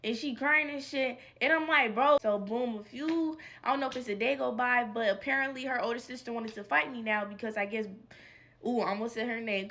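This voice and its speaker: Young woman vlogger, slightly high voice, swears a lot, acts out each quote, casual storytime. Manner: animated, profane, slangy, acts out quotes.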